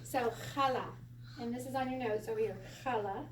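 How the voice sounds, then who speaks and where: A woman's voice: on the high side, fairly quick. A woman teaching a casual Hebrew class, chatty and laughing often as she tells stories. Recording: echoey room, voice from far off, faint hiss.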